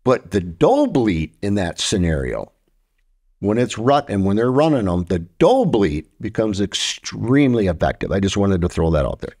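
A man's voice: on the low side, sing-song, normal speed, darkish tone. A man co-hosting a podcast, telling hunting stories with lots of animation and imitating deer calls and grunts. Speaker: podcast co-host. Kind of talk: storytelling.

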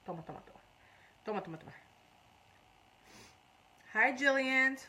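A woman's voice: high-pitched, expressive, moderate pace, pushed and bright, a little hiss or hum, rough recording. A woman doing a casual live makeup tutorial, chatty, switching between English and beginner's Spanish, with a runny nose. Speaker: makeup artist streaming live.

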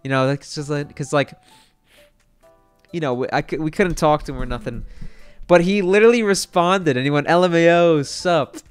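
A young man telling a story to his stream chat, excitable and rambling, with lots of fillers and swearing. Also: fairly high pitch, brisk, pauses often, clear, resonant tone, soft background music.

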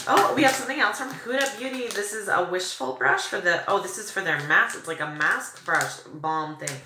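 A woman's voice: mid-range voice, expressive, normal speed, few pauses, sharp tone, reverberant, slight background noise. A young woman vlogging a makeup unboxing, gushing with breathless exclamations and valley-girl fillers. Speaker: beauty vlogger. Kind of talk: excited unboxing chat.

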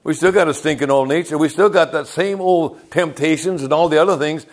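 A man's voice: a little high, brisk. An older man preaching a sermon as pastor, telling folksy stories and calling out to the congregation.

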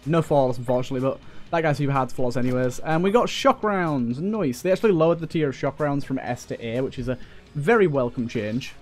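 Chatty gamer man, slightly high. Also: expressive, brisk, soft background music. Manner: chatty, swears, jokey asides to enemies. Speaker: let's play gamer. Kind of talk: casual gameplay commentary.

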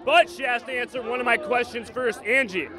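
A man hosting a high school football show, calling highlights and hyping up fans with shouted catchphrases. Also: brisk. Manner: energetic hype, shouts catchphrases, eggs on the crowd. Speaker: sports show host. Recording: loud crowd and music at a stadium. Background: cheering crowd and music.

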